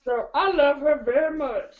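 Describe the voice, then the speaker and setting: A sweet, pampered little girl dog, as a woman puts her on, chirping in a high, cutesy, giggly voice that adores her mommy. The sound is muffled and lo-fi, like an online call. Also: normal speed, lightly acted. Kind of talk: playful pet role-play on a chat show.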